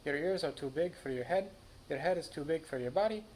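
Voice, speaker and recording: A man's voice: fairly high pitch, brisk, darkish tone, a little hiss or hum, pitched above the performer's own voice, lightly acted, low-quality recording. A man voicing a playful, boastful kitten boy with a bouncy, sing-song delivery and mock Spanish flair. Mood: excited.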